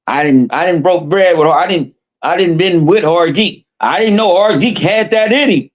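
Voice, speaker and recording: A man with a high-pitched voice speaks at normal speed while hosting a podcast. He tells stories animatedly in casual chat, swearing a lot and putting on voices for quoted lines.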